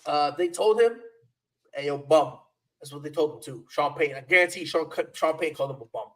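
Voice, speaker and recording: A man's voice: a little high, expressive, fast talker, a bit bright, poor audio. A man co-hosting a sports podcast, talking in a playful, repetitive trash-talk style. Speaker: podcast co-host. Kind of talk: casual sports chat.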